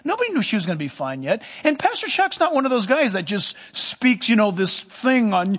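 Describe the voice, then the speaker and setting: Male pastor, very high pitched, emphatic sermon storytelling, long hall echo. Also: big pitch swings, fairly quick, fairly bright tone.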